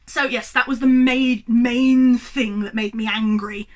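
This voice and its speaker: Young woman ranting about a movie to her tripod cam, high voice, swears a lot, super worked up. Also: fairly even intonation, slow pace. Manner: worked-up, exasperated, swearing freely. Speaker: movie reviewer. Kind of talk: animated ranting movie review. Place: home room with a tripod camera. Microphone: camera on tripod.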